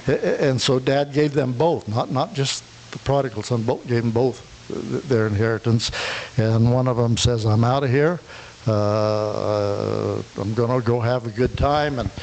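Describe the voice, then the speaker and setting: A man's voice: mid-range voice, a little slow, a little mellow, poor audio. Man preaching a parable, faint hiss. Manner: retells a parable, acting out the characters, with frequent restarts. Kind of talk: sermon storytelling.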